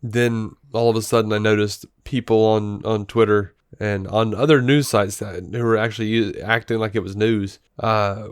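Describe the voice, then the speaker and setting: Low-ish guy rambling on a podcast, lots of restarts, dry sound. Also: fairly even intonation, moderate pace, hardly any pauses, clean tone, no room sound. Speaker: podcast co-host. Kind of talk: casual chat.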